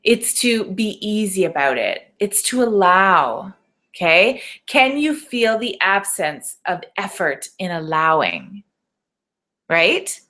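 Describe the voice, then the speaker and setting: A woman's voice: mid-range voice, very animated, slow, sharp tone. A woman business coach leading a live webinar training, speaking in a motivational way, asking rhetorical questions and often checking in with "okay?".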